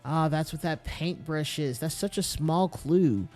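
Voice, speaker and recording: A man streams a mystery game, working through the clues aloud and reading the in-game letters. His voice sits a little high. Faint music plays behind him. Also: unhurried, a little mellow. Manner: thinks aloud, restarts sentences, reads letters aloud with stumbles.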